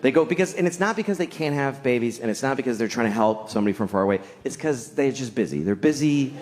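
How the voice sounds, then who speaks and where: A man's voice: lowish voice, animated, quick pace. A man doing a stand-up routine, telling a story in a wry, conversational way. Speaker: stand-up comedian. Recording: loud ambient noise.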